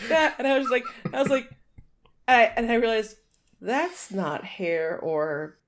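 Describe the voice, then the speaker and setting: A woman's voice: a little high, unhurried, very noisy. A woman co-hosting a casual podcast, telling stories animatedly with frequent laughter and casual swearing. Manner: animated storyteller, laughs often, swears freely. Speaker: podcast co-host. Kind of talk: casual chat.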